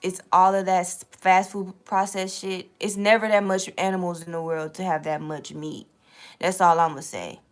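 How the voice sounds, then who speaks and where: A woman's voice: on the low side, flat delivery, normal speed. A young woman hosting a late-night tarot live stream, chatting loosely with viewers, reading out their comments and swearing freely.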